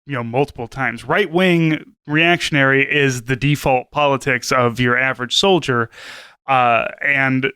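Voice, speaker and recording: A man's voice: medium pitch, steady tone, unhurried, pushed and bright, clear, resonant tone, dry recording. A man co-hosting a podcast, talking in an earnest, rambling way full of fillers. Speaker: podcast co-host. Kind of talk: casual podcast chat.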